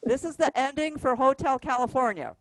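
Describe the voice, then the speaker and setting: A woman with a high-pitched voice gives classroom instruction in a music store, patiently walking her workshop through rhythms by counting and singing the notes aloud. The recording is low quality, with no echo.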